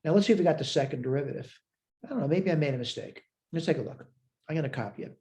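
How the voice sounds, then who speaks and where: A man's voice: fairly high pitch, expressive, very fast, mellow. A man teaching a recorded math lecture, talking through worked steps aloud and checking his own work as he goes. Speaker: math instructor.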